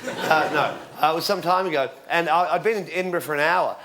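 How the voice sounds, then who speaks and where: An Australian man in his forties doing stand-up comedy, telling rambling deadpan stories with sudden shouted punchlines. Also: a little high, fast. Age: 40s. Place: theatre stage with live audience. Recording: live show with loud crowd laughter.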